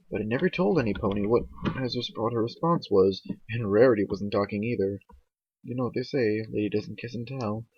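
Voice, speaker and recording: A young man reading fan fiction aloud in an amateur way, lively, with slips and asides. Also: mid-range voice, slightly rough, no echo. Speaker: fanfic reader. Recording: dull lo-fi home mic.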